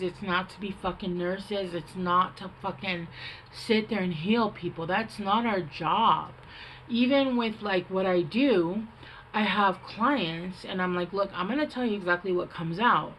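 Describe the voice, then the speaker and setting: A woman's voice: mid-range voice, unhurried, fairly bright tone, slight background noise, poor audio. A woman giving a casual tarot reading, talking bluntly with lots of swearing, fillers and rambling asides. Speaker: tarot reader.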